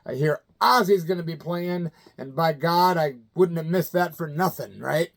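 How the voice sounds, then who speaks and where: Midwest guy in his 50s spinning old rock stories, slightly high voice, chatty, acts out everybody. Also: normal speed, vocal fry. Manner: animated, colloquial, acts out the people he quotes. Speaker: channel host telling stories. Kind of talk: casual anecdotal storytelling.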